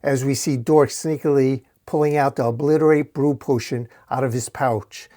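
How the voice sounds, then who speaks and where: A man's voice: medium pitch, steady tone, moderate pace, warm tone. A man reading a fantasy comic aloud in a plain, casual storytelling way. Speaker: comic reader. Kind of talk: casual comic-book narration.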